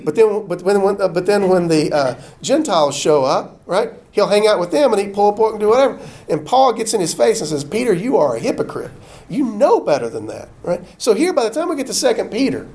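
A man preaching, his voice sitting high for a man. He is folksy and animated and acts out the lines of the people he quotes. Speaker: pastor. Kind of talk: sermon.

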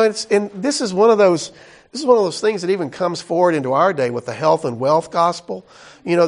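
A man with a high voice preaches in an easy, conversational way. He stays folksy and animated, breaking into exclamations and side remarks between points. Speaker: pastor. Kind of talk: conversational sermon.

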